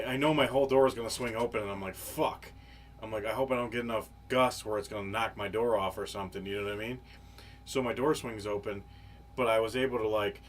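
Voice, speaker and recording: Rambling, profane man telling a story. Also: lowish voice. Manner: rambling, profane, lots of fillers. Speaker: podcast co-host. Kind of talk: casual storytelling chat. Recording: live podcast, faint background noise.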